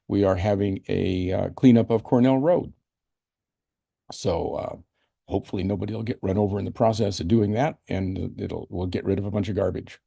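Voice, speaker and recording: Halting low-voiced meeting chair. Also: male voice, gravelly, mellow, dry recording. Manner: halting, many fillers. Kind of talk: community meeting roundtable.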